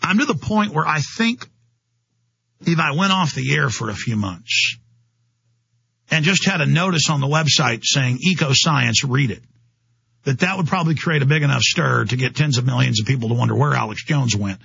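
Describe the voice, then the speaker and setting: A man's voice: mid-range voice, animated, moderate pace, creaky, a bit bright, slightly rough, no echo, lo-fi sound. A man hosting a talk radio show, delivering an impassioned, ranting monologue straight to his listeners.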